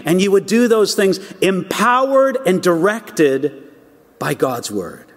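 A man with a strikingly high voice delivers a sermon. He speaks emphatically, repeating words and asking his listeners rhetorical questions. His voice rings out with the long reverb of a large hall. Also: big pitch swings, slow pace. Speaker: preacher.

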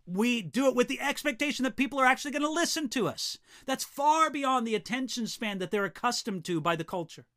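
A man's voice: very high-pitched, lively intonation, fairly quick, few pauses, pushed and bright. A man giving an earnest, direct teaching talk to preachers and Bible teachers, often repeating a word as he starts a sentence. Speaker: preaching instructor.

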